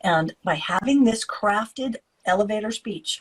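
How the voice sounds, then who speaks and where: A woman speaking as a guest expert in a podcast interview, explaining in an animated way and acting out the voices of other people. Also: mid-range voice, moderate pace, husky, poor audio. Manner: animated, acts out quoted voices. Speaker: guest expert on narcissistic abuse, author.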